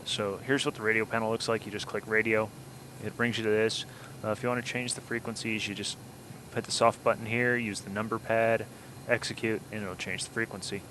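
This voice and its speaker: A man's voice: lowish voice, little pitch movement, a little fast, bright, forceful tone, slight background noise, low-quality recording. A man hosting a casual flight simulator let's-play, chatting and explaining each step as he goes. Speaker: flight sim gameplay host.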